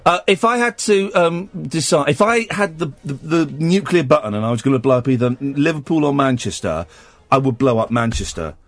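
A man's voice: fairly high pitch, expressive, brisk, no room sound. A man hosting a late-night radio phone-in, bantering with callers and often stammering over his words.

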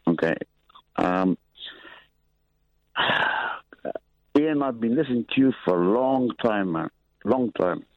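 A man's voice: fairly low pitch, animated, slow pace, long pauses, no echo. A male caller on a radio phone-in, insistent and aggrieved, pressing to be heard. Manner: insistent, aggrieved, keeps asking to talk. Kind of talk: phone-in call. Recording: muffled phone line.

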